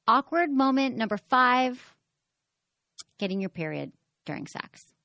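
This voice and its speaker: A woman's voice: medium pitch, fairly bright tone, dry recording. A woman hosting a sex advice podcast in casual, frank chat. She is chatty and often acts out the voices of the people she quotes.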